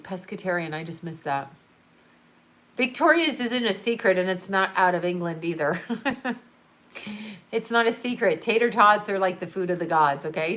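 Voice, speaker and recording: A woman's voice: lowish voice, fairly bright tone. A woman hosting a livestream, chatting casually and rambling, laughing often as she answers viewers. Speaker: livestream host reading chat. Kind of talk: casual chat.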